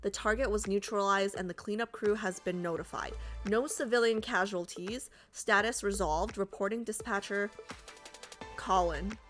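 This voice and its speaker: A woman's voice: mid-range voice, moderate pace, fairly bright tone, faint music behind. A woman casually reading a game story aloud, breaking off for chatty, joking asides.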